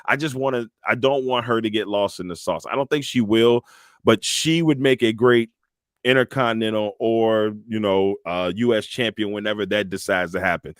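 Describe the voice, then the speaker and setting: A man's voice: on the low side, no room sound, clean studio sound. A man co-hosting a podcast, chatting casually and animatedly, acting out quotes as he retells events. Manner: animated storyteller, acts out quotes and entrance music. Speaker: podcast co-host. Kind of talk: casual wrestling chat.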